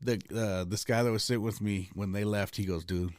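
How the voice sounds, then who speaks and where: A man's voice: on the low side, fairly even intonation, fairly quick, darkish tone, no room sound. A man, a comedian, talking candidly as a podcast guest in a recording studio, telling blunt, profane stories.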